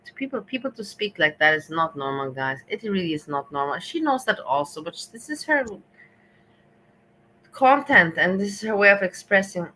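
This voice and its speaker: A woman giving measured, reflective commentary on a stream, slightly disapproving. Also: on the low side, very animated, bright, forceful tone, slight background noise, low-quality recording. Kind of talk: casual commentary.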